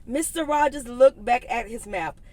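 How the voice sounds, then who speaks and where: A woman reading a picture book aloud for kids, animated, with giggly asides to her young listeners. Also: on the high side, moderate pace. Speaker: children's story reader. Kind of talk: read-aloud story time for kids.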